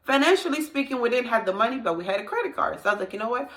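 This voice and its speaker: A woman's voice: fairly high pitch, sing-song, very fast, a bit bright, echoey room. A young woman sharing her personal faith testimony, earnest and confiding, often repeating her phrases. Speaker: testimony vlogger.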